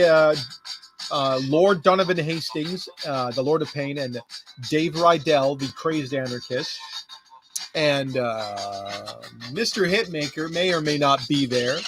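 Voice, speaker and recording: A man's voice: a little high, a bit bright. A man hosting a late-night video stream, chatting casually, rambling and joking as he answers comments from live chat. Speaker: livestream host.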